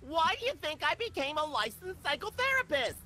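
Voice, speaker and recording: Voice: high voice, very animated, fairly quick, bright, forceful tone, full character voice. A woman voicing a manic male former child star who poses as a chirpy therapist in a cartoonish video game. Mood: manic cheer.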